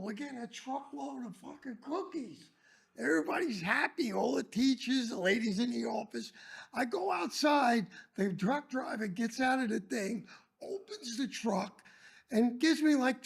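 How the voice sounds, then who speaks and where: High gravelly older man telling stories. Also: a little slow. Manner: animated, raises voice for quoted lines. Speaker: former schoolteacher guest. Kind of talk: casual storytelling.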